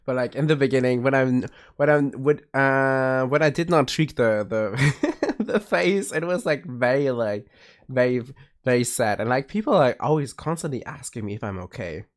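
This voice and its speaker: A man's voice: mid-range voice, lively intonation, normal speed. A young man chatting casually with his stream viewers, rambling with many restarts and laughs. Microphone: streaming mic.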